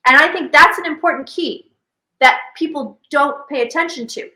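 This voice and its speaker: A woman hosting a casual psychic chat, telling stories quickly and acting out what people said. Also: sits high, echoey room, poor audio. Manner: animated storyteller who acts out quoted speech. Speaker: psychic medium and host.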